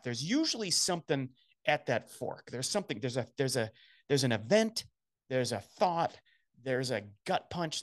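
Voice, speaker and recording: A man guesting on a podcast as a career coach, explaining ideas earnestly and often restarting his phrases. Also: mid-range voice. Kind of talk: conversational explanation.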